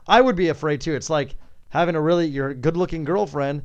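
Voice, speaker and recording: A man chatting casually as a sports podcast co-host, rambling with lots of fillers and quick laughs. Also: fairly high pitch, clean tone, muffled recording.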